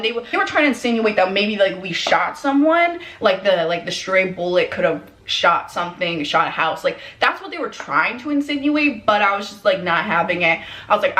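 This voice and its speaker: Young woman vlogger, casual storytime, lively quoted voices, middle pitch, roomy echo. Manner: animated, quotes people in quick put-on voices. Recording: echoey room.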